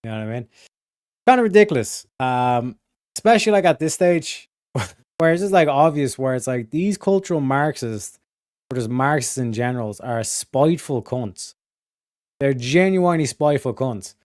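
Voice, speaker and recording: Male livestream host from Europe, mid pitch, smooth clear tone, dry close mic, loose rambling delivery. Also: animated, moderate pace, a little mellow, no echo. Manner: rambling, swears a lot, reads chat aloud. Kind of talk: casual live stream chat.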